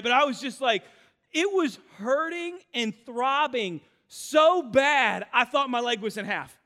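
High bright-voiced male pastor preaching. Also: big-room sound. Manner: animated storytelling with self-deprecating humor. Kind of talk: sermon.

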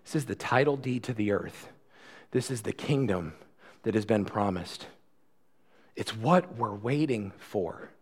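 A man preaching a sermon in a conversational style, swinging from loud, fast passages to quiet, slow ones. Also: fairly low pitch, animated, breathy edge. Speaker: pastor.

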